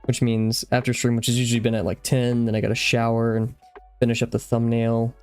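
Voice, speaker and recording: A man's voice: mid-range voice, completely flat delivery, fairly quick, a little mellow, clear, resonant tone, soft background music. Breathless, rambling young man streaming. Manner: rambling, easily distracted. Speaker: drawing live-streamer. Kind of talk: casual live-stream chat.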